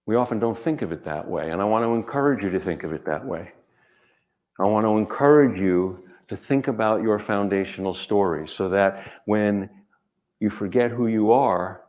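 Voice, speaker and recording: A man, an author, speaking gently and reflectively in short measured phrases, then reading his own writing aloud. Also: lowish voice.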